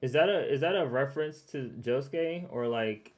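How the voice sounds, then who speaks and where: A man's voice: medium pitch, moderate pace, darkish tone. A young man streaming a casual reaction to a recap video, chatty, laughing often and repeating himself as he talks.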